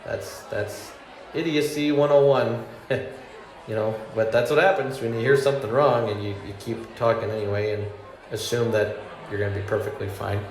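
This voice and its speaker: A man's voice: on the low side, fairly even intonation, moderate pace. Rambling man doing stand-up, echoey. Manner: meandering, self-deprecating, chuckles through his own jokes. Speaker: stand-up comedian. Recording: echoey room with faint hum.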